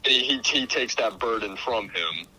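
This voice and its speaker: A man's voice: lowish voice, animated, normal speed, bright, forceful tone, poor audio. A man guesting on a podcast, chatting casually and eagerly about a film.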